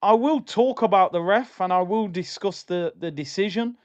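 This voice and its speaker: Young guy ranting at his team on a watchalong stream, kinda high voice, fed up and slangy. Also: normal speed. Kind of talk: live match reaction and reading chat.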